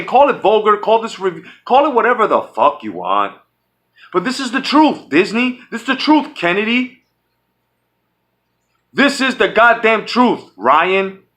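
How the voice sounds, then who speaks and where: A man's voice: sits high, pushed and bright. A man hosting his own channel, ranting angrily and profanely, often repeating himself and restarting his sentences. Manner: profane, heated, repetitive. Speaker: channel host. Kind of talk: angry fan rant.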